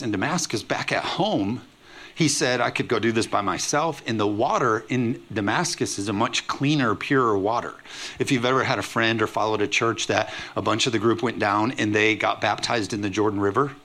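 A man pastor preaching a lively sermon, acting out quoted voices with humor. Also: fairly low pitch.

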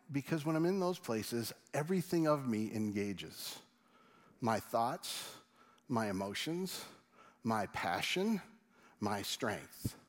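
Animated middle-aged pastor. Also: male voice, medium pitch. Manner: animated storytelling, swings from loud to hushed. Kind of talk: sermon.

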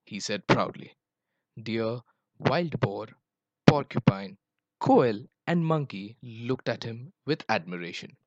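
A man reading a children's story aloud, expressive and playing with sound effects. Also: medium pitch, slow pace, dry recording, dull audio.

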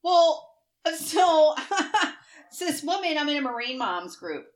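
A middle-aged woman co-hosting a casual chat, telling stories with lively, acted-out quotes and frequent swearing. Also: sits high, slow pace. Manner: animated storyteller, acts out quoted voices, swears freely. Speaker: co-host.

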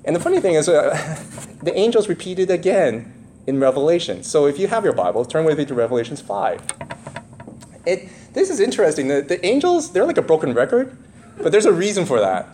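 A man preaching a sermon, reading scripture aloud in a raised voice and breaking off into casual, joking asides to the congregation. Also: on the high side. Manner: animated, rising to read scripture, conversational asides. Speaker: pastor.

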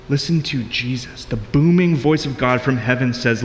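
A man's voice: mid-range voice, normal speed, hardly any pauses, echoey room, in a large hall, slight background noise. A married man giving a conversational, earnest sermon as a pastor, with frequent restarts.

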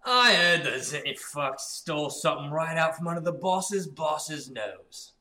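Brief: man doing a gossipy tavern patron, sharp bright tone, swooping pitch, echoey room. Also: animated, a little slow, full character voice.

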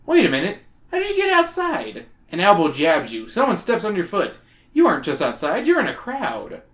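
A lower-voiced woman reads a children's book aloud on a comedy podcast, with a very animated pitch. She keeps stopping the reading to crack jokes. The sound is roomy and echoey. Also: moderate pace. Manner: breaks off the reading for jokes and laughs. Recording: echoey room.

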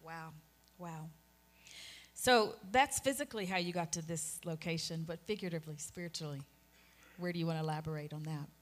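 A woman's voice: sits low, a little fast. A woman hosting an interview, responding to her guest with affirming remarks. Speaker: host. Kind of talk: interview talk.

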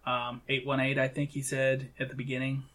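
A man co-hosting a casual talk show, retelling film scenes and quoting lines in quick bursts. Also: medium pitch, monotone, fairly bright tone. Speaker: podcast co-host. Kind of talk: casual chat recapping a film.

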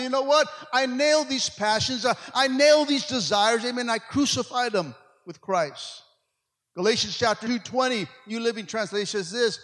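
High-voiced preacher man, echoing hall. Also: moderate pace, a bit bright. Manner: preachy call-and-response, frequent "amen" and "come on". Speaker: pastor. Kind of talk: sermon. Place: church sanctuary. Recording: long hall reverb.

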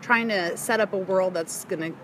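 A woman's voice: medium pitch, moderate pace, a bit bright, slight background noise. A woman guest in a casual podcast chat, frank and candid, laughing easily as she talks.

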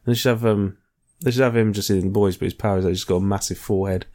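A man's voice: lowish voice, fairly even intonation, rapid-fire, mellow. Man, podcast co-host, rambling, sweary, keeps losing his train of thought. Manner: rambling, searches for names, frequent swearing. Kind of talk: casual chat.

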